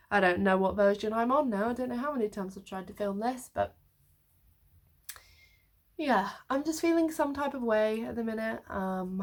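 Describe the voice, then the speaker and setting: A woman in her twenties chatting to camera in her bedroom, rambling along with wry, self-mocking asides. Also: mid-range voice. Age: 20s. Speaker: vlogger. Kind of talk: casual chat to camera. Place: her bedroom, sitting on the floor.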